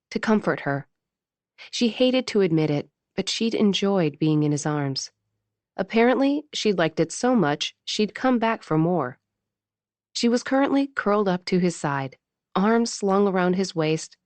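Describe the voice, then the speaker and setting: A woman narrating a romance audiobook in a measured, intimate reading style on a close mic. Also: medium pitch, animated, a little mellow, no room sound.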